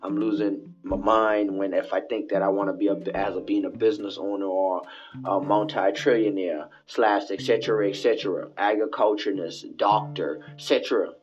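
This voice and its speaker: A man with a lowish voice rambles through a solo late-night podcast, preaching and repeating himself as he goes. The recording is dull and lo-fi, made in a home bathroom with faint music behind him. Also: fairly even intonation, normal speed. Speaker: podcast host.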